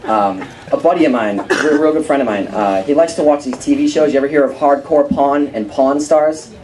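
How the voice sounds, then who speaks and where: A teenage boy doing a stand-up comedy set in a club, deadpan one-liners with some stammering into a stage mic. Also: mid-range voice, brisk, poor audio. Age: teens. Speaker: stand-up comic. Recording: live club with loud crowd and noise.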